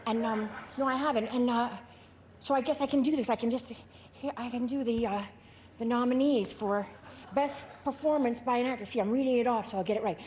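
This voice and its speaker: A woman's voice: on the high side, fairly quick, a little mellow, a little hiss or hum. A middle-aged woman presenting an award on stage, telling a rambling comic story full of fillers and restarts. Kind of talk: comic onstage anecdote. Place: large ballroom on stage.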